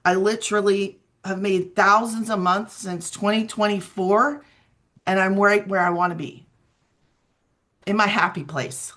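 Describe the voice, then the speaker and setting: An earnest woman in her forties tells her own story over a video call. She talks in an animated way and repeats her key points for emphasis. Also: medium pitch, measured pace. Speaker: guest sharing a testimonial. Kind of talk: emotional personal testimonial.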